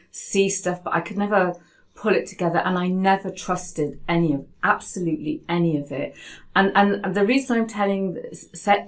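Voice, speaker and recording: A woman hosting a casual conversation, telling a personal story in an animated way with many restarts, at home. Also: on the low side, low-quality recording. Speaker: host. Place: home in Spain.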